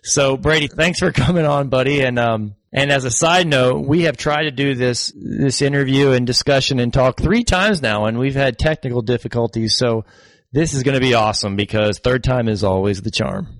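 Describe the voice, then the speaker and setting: Excited chatty male podcast host. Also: medium pitch, moderate pace, no echo. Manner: enthusiastic, chatty, laughs easily. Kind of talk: casual interview chat.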